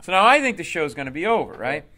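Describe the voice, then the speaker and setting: A man, a comedian, telling a comic story in an interview in an animated way. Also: on the high side, quick pace, crowd noise. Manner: animated, acts out voices. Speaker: comedian guest.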